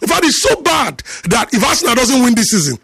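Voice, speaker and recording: A man hosting a call-in sports radio show, ranting at a caller in an animated, teasing way. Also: very high voice, quick pace, gravelly, slightly rough, no room sound, clean studio sound. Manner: animated, teasing, preachy rant.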